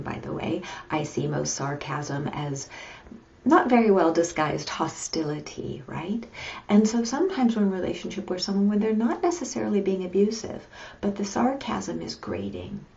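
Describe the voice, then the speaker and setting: A woman's voice: low-pitched, mellow, muffled recording, slight background noise. A woman psychologist giving earnest, emphatic advice in a live video chat, often checking in with "right?". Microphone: computer or webcam mic on a video chat.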